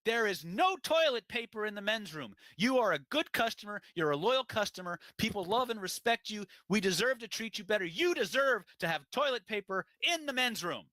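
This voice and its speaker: A young male gym clerk shouts with loud mock outrage, as a man acts him out. The voice is pushed high and bright. The sound is dry and close. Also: sing-song, a little fast, few pauses, no echo, exaggerated voice.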